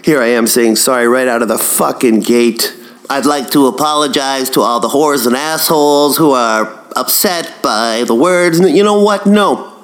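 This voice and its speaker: A man's voice: mid-range voice, moderate pace, natural voice. A man impersonating a grumpy, foul-mouthed male podcast host who rants sarcastically, as a comedy parody. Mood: ranting. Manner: profane, ranting, sarcastic.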